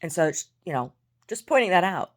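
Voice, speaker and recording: A woman's voice: on the low side, sing-song, fairly quick. An American woman telling stories in a casual, blunt, sarcastic way, swearing, laughing often and restarting her words. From United States. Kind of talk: casual storytelling monologue.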